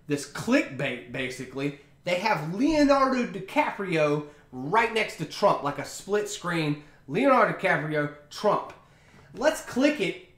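A man hosting his own podcast rambles through a casual solo monologue, telling stories in loose, chatty slang packed with fillers. His high, bright voice bounces up and down, and the room gives a noticeable echo.

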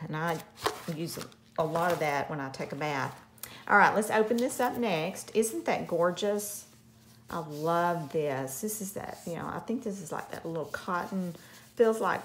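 A woman's voice: on the low side, a little hiss or hum. A woman hosting a craft channel, gushing over a parcel in a casual unboxing chat with frequent gasps.

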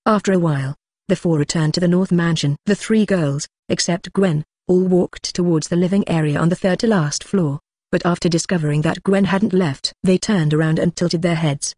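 A synthetic voice narrating an audiobook in a flat, even machine reading. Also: mid-range voice, fairly quick, no echo, clean studio sound.

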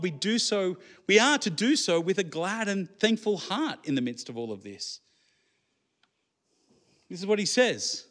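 A man's voice: sits high, fairly bright tone. A man preaching a sermon in church, conversational and full of rhetorical questions to the congregation. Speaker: pastor.

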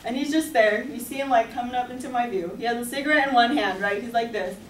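Young woman rambling through a story in class, bit high voice, sounds far off in an echoey room. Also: fast talker, slight background noise. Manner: chatty, animated, full of "like" and laughs. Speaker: student storyteller. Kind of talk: personal story told to a class.

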